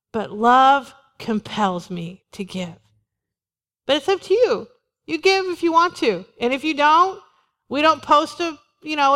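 A woman's voice: high-pitched, a bit bright. A woman pastor preaching a sermon in a church, talking in a conversational way and repeating short refrains. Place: church sanctuary. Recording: long hall reverb.

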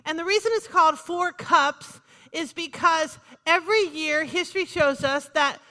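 A woman's voice: extremely high pitch, normal speed, sharp tone, long reverb tail. A woman pastor preaching a sermon in a conversational, joking way, punctuated by calls of "Amen.".

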